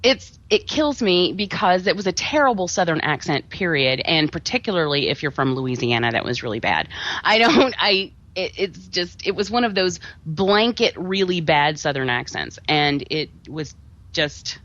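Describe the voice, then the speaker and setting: Female podcast co-host, bright and pushy delivery, lo-fi dry recording. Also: lowish voice, normal speed. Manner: animated, laughs often, trails off into restarts. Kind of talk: casual movie review chat. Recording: dull lo-fi podcast audio.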